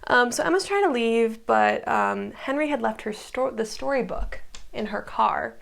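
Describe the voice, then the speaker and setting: A chatty woman recapping a show in a loose, casual way. Her voice sits a little high and carries a gravelly, fry-tinged edge. She fills her talk with "like" and drops quick whispered asides. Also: animated. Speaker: recap video host.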